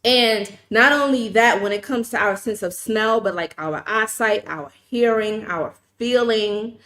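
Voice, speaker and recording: A woman's voice: medium pitch, a little slow, a bit bright. A woman from New York City with a New York accent, hosting a livestream and telling a story in a casual, profane, emphatic way while reading and answering her chat. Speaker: livestream host.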